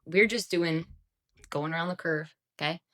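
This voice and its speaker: Podcast co-host, female, slightly low voice, chatty storyteller with lots of fillers. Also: moderate pace, a bit bright. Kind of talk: casual chat, storytelling.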